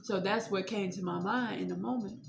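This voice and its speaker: A woman's voice: mid-range voice, normal speed, creaky. Chatty woman sharing a faith story. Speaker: guest. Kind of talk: casual faith testimony. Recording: echoey room, audible noise.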